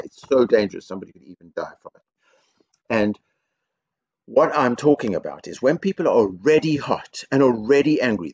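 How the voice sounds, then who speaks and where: A low-pitched man speaks as a headteacher at a children's assembly. He explains things slowly and simply and repeats key words. His voice comes through a close, dry mic with a dull, lo-fi sound. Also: no echo. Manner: slow, simple explanations with repetition. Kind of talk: school assembly talk to young children.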